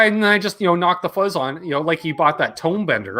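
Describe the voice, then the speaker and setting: Animated Canadian man, lively chatty host. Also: high-pitched. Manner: animated, jokey, quick asides. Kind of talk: casual live-stream chat.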